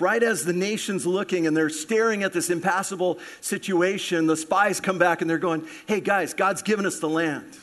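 High-voiced pastor preaching animatedly. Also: male voice. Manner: animated, acts out voices of people in the story. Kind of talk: sermon.

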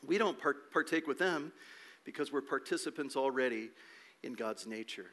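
A pastor preaches emphatically, asking rhetorical questions and repeating words as he goes. His mid-range voice is fairly bright, with lively intonation and a normal pace.

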